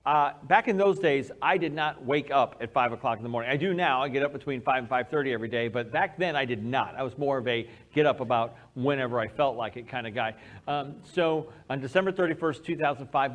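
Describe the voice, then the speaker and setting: A man preaching a sermon as pastor, telling a personal story with animated, acted-out quotes. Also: medium pitch.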